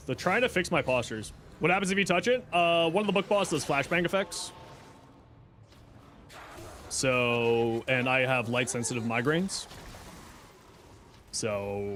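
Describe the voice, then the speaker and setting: A very animated man with a mid-range, fairly bright voice speaks a little slowly, with some hiss or hum in the audio. Playing a video game live, he reads his viewers' questions out loud and answers casually, joking and chatting easily.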